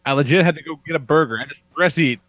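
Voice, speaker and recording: A man's voice: on the high side, fast talker, fairly bright tone, no echo. A man hosting a podcast, chatting casually and swearing freely as he wraps up the show. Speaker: podcast host. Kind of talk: casual chat.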